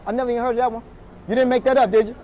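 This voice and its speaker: Man, motivational speaker, high voice, energetic, questions the crowd, faint noise. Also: rapid-fire, highs cut off. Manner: energetic, calls on the audience, quizzes the room. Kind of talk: motivational talk to a sales team. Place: meeting room with a live audience.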